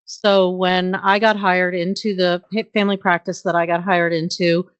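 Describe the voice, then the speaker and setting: A woman's voice: fairly low pitch, little pitch movement, moderate pace, no room sound, highs cut off. A middle-aged woman who works as a nurse practitioner, a guest in an interview. She tells career anecdotes earnestly, with frequent ums and uhs. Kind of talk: conversational storytelling interview.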